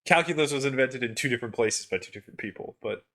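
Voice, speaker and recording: A man's voice: mid-range voice, expressive, fast talker, sharp tone. A young man co-hosting a podcast in casual chat, making dry, easygoing remarks and explaining things. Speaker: podcast co-host.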